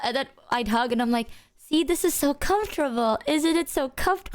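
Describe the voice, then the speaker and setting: A young woman with a slightly high voice tells stories in a casual chat, jumping up in pitch to imitate her friend. She laughs often as she talks. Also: normal speed, a little hiss or hum. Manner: animated storyteller, imitates others in high voices.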